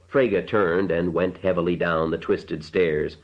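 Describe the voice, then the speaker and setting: A man reading an audiobook narration in a measured, unhurried way. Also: low-pitched, fairly even intonation, dull audio.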